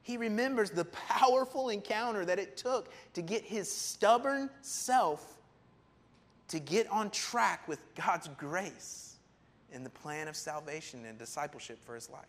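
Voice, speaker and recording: A man preaching a sermon in an animated, emphatic way, often acting out quotes. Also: sits high, normal speed. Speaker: pastor.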